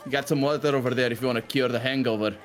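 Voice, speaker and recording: A man's voice: mid-range voice, steady tone, racing, natural voice. A man voicing a brash, blunt adventurer talking at a tavern.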